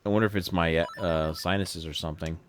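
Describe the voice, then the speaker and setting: A man's voice: low voice, steady tone, a little fast, soft background music. A man hosting a game stream in casual chat, drowsy and yawning, rambling and correcting himself as he plays. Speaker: streamer host.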